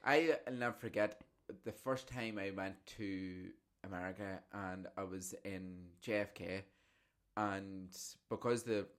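A man's voice: sits low, a little slow. Swearing man telling stories. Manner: animated, profane storytelling. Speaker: podcast host. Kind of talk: casual chat.

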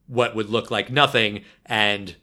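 Bright, animated man on a podcast. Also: fairly low pitch, measured pace. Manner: animated, wry, lots of fillers. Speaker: podcast co-host. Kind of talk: casual podcast chat.

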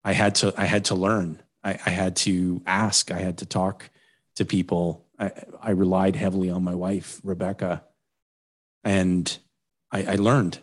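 Podcast host guy, lowish voice, thinking out loud about his own life. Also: flat delivery, a little slow. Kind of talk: casual interview chat.

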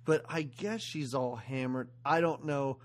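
A man's voice: medium pitch, a little slow. A man co-hosting a podcast, giving wry, laughing commentary on a movie. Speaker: podcast co-host. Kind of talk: casual movie recap chat.

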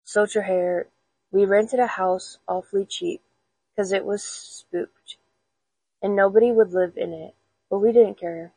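Brief: woman storyteller, gravelly and breathy, close and dry. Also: mid-range voice, warm tone, dry recording, poor audio. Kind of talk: storybook reading aloud.

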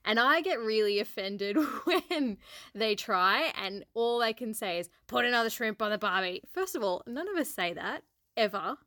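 An Australian woman co-hosting a casual podcast. Her voice sits slightly high. She giggles and teases her co-host often. The sound is close and dry. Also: very animated, measured pace, pushed and bright, dry recording. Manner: giggly, teasing. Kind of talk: casual chat.

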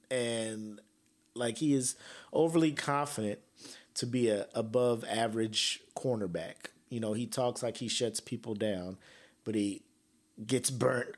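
A young man hosting a podcast, ranting casually with slang, swearing and sarcasm. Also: mid-range voice. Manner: profane, animated, sarcastic, slangy. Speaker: podcast host.

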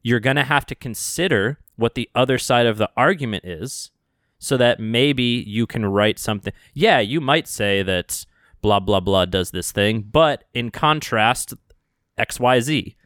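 A man co-hosting a casual podcast chat, talking in an animated, rambling way with frequent restarts. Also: mid-range voice, measured pace, no echo, studio quality. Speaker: podcast co-host.

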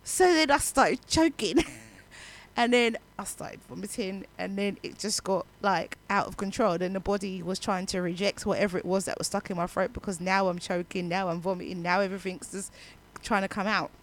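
A woman's voice: mid-range voice, moderate pace. A woman radio DJ with a young child, telling a story in a chatty way between songs, her throat still recovering. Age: adult parent. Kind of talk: casual radio chat.

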